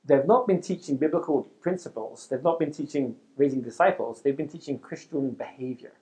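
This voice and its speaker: A middle-aged man who leads a youth ministry, giving an animated, conversational talk to youth workers in front of a live audience. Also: on the high side, brisk.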